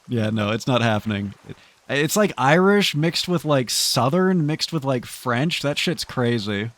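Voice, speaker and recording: A young man casually commenting on a game he is playing, chatty and quick to laugh, often stammering through restarts. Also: mid-range voice, animated, fairly bright tone, no room sound. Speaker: streamer.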